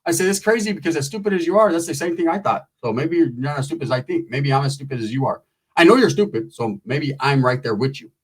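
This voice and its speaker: A man's voice: on the high side, animated, fast talker, husky, rough recording. A man doing stand-up comedy, telling a rambling, profane story and slipping into voices of the people in it. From Mexican-American.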